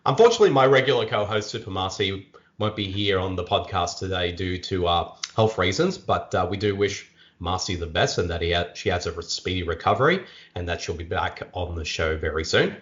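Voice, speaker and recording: A man's voice: low voice, a little fast, a bit bright, dull audio. An Australian man hosting a casual podcast chat, upbeat and talkative, often restarting his sentences. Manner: upbeat, chatty, frequent restarts and fillers. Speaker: podcast host.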